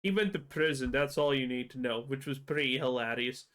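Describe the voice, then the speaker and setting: A man reacting to a video on stream, mocking and profane, his voice jumping up when excited. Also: mid-range voice, fairly quick. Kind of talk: casual reaction commentary.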